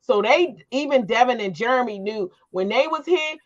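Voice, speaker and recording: A middle-aged woman talking casually and warmly about her family, like a mother reminiscing. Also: a little high, expressive, normal speed. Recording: slightly dull, lo-fi sound.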